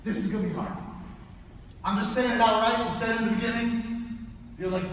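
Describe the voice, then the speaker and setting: Young male martial arts instructor, high voice, energetic, shouting counts and cracking jokes, recorded far off. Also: brisk, pauses often. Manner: energetic, barking counts and kiai shouts, joking asides. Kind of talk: coaching a martial arts class. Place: large indoor training hall. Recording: echoey hall, mic far off, noisy.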